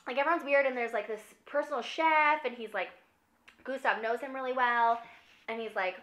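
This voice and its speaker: A woman's voice: a little high, normal speed, a bit bright. A drunk young woman rambling through a comic movie recap, filling every phrase with "like". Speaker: film recapper.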